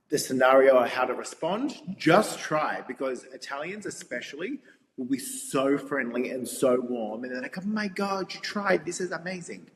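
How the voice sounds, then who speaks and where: A young Australian man telling stories in a casual interview, lively and laughing often. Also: mid-range voice. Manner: animated storyteller, laughs often. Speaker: guest. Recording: reverberant room with faint ambient noise.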